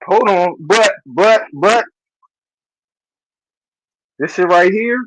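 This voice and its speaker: A man's voice: high voice, animated, very slow, a bit bright, no echo, low-quality recording. A man co-hosting a podcast, chatting casually and hesitantly, often repeating his words. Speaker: podcast co-host. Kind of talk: casual chat.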